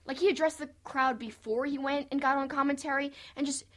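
A high-pitched woman co-hosting a podcast in casual, excited chat. She talks eagerly and loosely, dotting her sentences with "like" and quick asides. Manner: enthusiastic, chatty, lots of "like". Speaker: podcast co-host.

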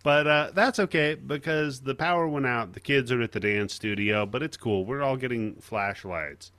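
Podcast host, male, bright dry close-mic voice, wry laughing film recap. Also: mid-range voice, normal speed, no echo. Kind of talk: casual chat.

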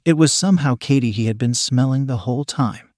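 A man narrating a scripted story in a measured, steady reading manner. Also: mid-range voice, no echo, clean studio sound.

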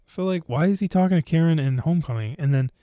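A talkative man recapping films in a loose, rambling way, restarting sentences as he goes. His voice sits a little high for a man. The sound is dry and close, with no room around it. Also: fast, warm tone, no room sound. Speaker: podcast co-host. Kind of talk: casual movie chat.

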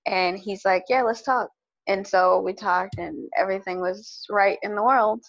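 A woman's voice: mid-range voice, unhurried. A woman in a loose podcast chat, recounting a story with lots of quoted back-and-forth. Her voice sits in a middle register. The recording sounds a little dull and lo-fi. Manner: animated storytelling, quoting others. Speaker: podcast co-host. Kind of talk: casual chat.

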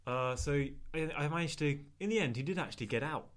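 A man's voice: on the high side, expressive, fast. A young man telling a story in casual chat as podcast co-host, dry and self-mocking.

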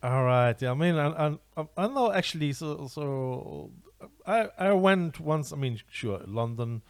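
Halting host. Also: male voice, a little high, lively intonation, dry recording. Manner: halting, repeats words often. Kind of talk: casual interview.

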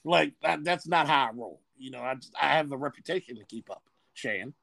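A man's voice: mid-range voice, brisk, creaky, few pauses, no room sound. A man co-hosting a podcast, talking bluntly in a casual, profane way. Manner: blunt, profane, animated storytelling. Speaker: podcast co-host.

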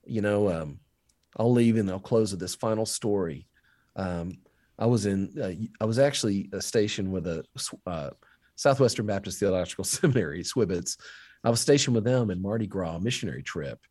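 A man who teaches history, telling faith stories in an interview with lively, animated delivery. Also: moderate pace. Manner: animated storyteller, rising pitch when quoting others. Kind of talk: storytelling in a faith podcast interview.

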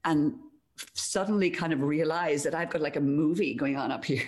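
Low-voiced Irish woman, reflective. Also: moderate pace, darkish tone. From Ireland, Donegal. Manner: reflective, storytelling, laughs easily. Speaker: guest. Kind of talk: casual conversation.

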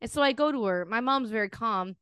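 A woman's voice: on the high side, a little fast, a bit bright, clear, resonant tone, no echo. A woman in her thirties co-hosting a podcast in casual chat, ranting bluntly and swearing freely. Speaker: podcast co-host.

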